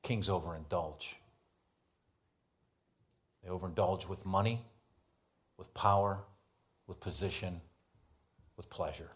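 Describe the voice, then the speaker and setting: An American man preaching a sermon as pastor, telling a Bible story with animated voices for the characters. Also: sits low, takes it slowly, pauses often. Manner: animated storytelling, acts out biblical dialogue.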